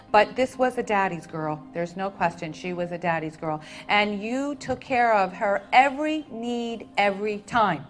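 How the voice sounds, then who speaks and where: A woman's voice: mid-range voice, lively intonation, moderate pace, hardly any pauses, soft background music, poor audio. Soothing woman giving a live spirit reading. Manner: soft, soothing, tender, calling people honey and sweetheart. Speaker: medium at a public reading.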